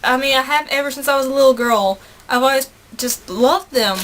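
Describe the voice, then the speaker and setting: A woman's voice: high voice, a little fast, fairly bright tone, a little hiss or hum. A young woman with a Southern US accent, gushing through her monthly favorites in a chatty vlog, correcting herself as she goes. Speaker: vlogger.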